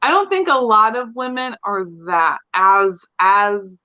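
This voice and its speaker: A young woman co-hosting a podcast, talking frankly and chattily about her own life. Her voice sits at a medium pitch. The sound is dull and lo-fi, like a remote call. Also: very animated, takes it slowly, bright, forceful tone. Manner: candid, chatty, laughs often. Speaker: podcast co-host. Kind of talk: casual chat.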